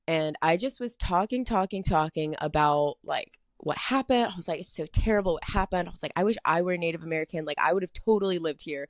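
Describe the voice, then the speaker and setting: A young woman hosts her podcast alone, rambling through a personal story and filling every pause with "like". Her voice sits a little low for a woman. The sound is dry and close, with no room in it. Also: no room sound. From Atlanta, US. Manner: chatty, rambling, heavy filler "like". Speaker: podcast host. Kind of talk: casual solo storytelling.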